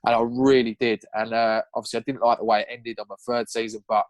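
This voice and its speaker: A young man telling his story in a casual podcast chat, animated and swearing now and then, acting out what he said back then. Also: medium pitch, fast, dry recording. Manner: animated, acts out his own past lines in a raised voice. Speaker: podcast guest.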